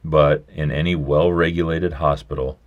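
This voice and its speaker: A man voicing a stubborn, folksy old country doctor who talks briskly and gruffly in a storybook reading. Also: extremely low pitch, steady tone, highs cut off.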